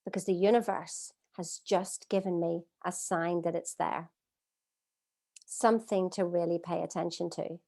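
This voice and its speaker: A middle-aged woman leading a live online coaching masterclass from home, earnest and expressive, asking her audience many rhetorical questions. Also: on the low side, a little slow, creaky. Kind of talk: live-streamed coaching talk. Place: at home, streaming by video call.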